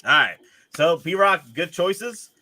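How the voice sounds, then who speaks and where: A man hosting a casual group stream on a video call, upbeat and quick to react. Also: sits high, animated, pushed and bright, dry recording. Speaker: stream host. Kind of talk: casual chat.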